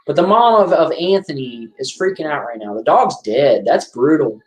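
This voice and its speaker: A man giving casual, excitable commentary over a horror movie, rambling and restarting his sentences. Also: fairly high pitch, moderate pace, lo-fi sound. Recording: echoey room.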